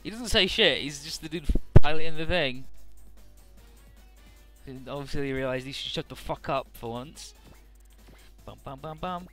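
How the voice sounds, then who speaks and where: A man's voice: on the high side, moderate pace, long pauses, bright, forceful tone, soft background music. A man giving casual, irreverent and profane Let's Play commentary, paraphrasing game dialogue sarcastically.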